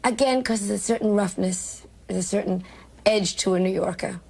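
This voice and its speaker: A woman's voice: medium pitch, moderate pace, gravelly, a little mellow, breathy edge. An older woman with a New York accent, a comedian telling brash, self-mocking stories in an interview. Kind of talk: candid interview storytelling.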